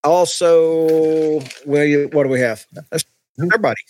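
A man's voice: fairly high pitch, normal speed, darkish tone, no echo. Laid-back man, dry sound. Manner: laid-back, rambling with many fillers. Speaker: podcast co-host. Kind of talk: casual chat.

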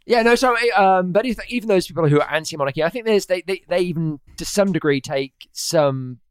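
A man's voice: high-pitched, animated, brisk, smooth, dry recording. A man from England with an Oxford English accent, a guest explaining at length in casual conversation.

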